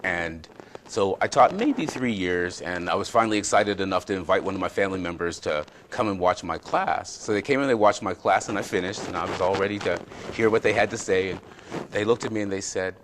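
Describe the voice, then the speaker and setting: A man's voice: sits low, fairly quick, background noise. A man hosting a wellness talk show, speaking earnestly and telling reflective stories. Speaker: show host, fitness expert. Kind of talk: casual conversational talk.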